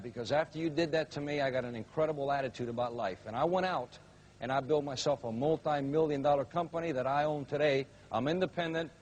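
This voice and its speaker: A man's voice: mid-range voice, a little mellow, slight background noise. A man giving an emphatic, dramatic motivational speech, telling a story to a live audience. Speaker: motivational speaker.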